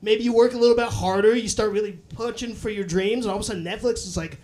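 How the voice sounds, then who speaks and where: A man's voice: high voice, steady tone, fast, few pauses, a little mellow. A young adult man performing a live stand-up set, telling loose, profane stories broken up by acted voices. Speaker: stand-up comedian.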